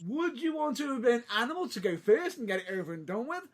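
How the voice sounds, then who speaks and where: Rambling man with a lively voice. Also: very high-pitched, fast talker. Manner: rambling, laughing, restarts his sentences. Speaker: podcast co-host. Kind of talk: casual chat.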